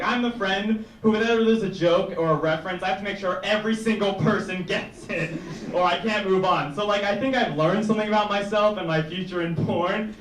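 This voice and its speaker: A man's voice: sits high, slight background noise. A young man doing a stand-up set, rambling and chuckling at his own jokes. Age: young adult. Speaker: stand-up comedian. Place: small indoor comedy room with audience. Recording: echoey room mic from far off. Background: audience laughter.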